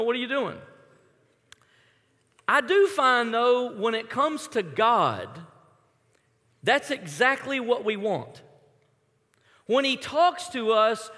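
A man's voice: very high-pitched, pushed and bright. A young man preaching a sermon in a conversational, storytelling way. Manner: conversational, storytelling with acted-out quotes. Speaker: pastor. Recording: long hall reverb.

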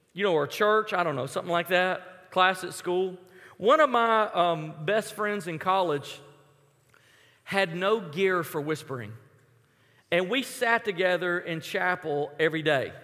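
A man's voice: high voice, sharp tone. A young man preaching a sermon in a conversational, storytelling way. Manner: conversational, storytelling with acted-out quotes. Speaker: pastor. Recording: long hall reverb.

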